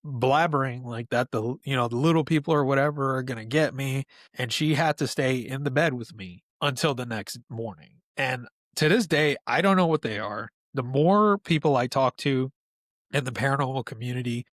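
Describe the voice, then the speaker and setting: Casual NY guy in his thirties, lively storyteller, dry close sound. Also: medium pitch, moderate pace, no room sound. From New York, USA. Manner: animated storyteller, laughs often. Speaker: podcast guest.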